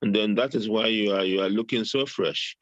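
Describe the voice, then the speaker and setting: Older man, low voice, jovial, repeats himself, dry muffled call audio. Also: a little fast, no echo. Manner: repeats words often, chuckling and jovial. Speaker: guest recommending supplements. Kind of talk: casual interview talk.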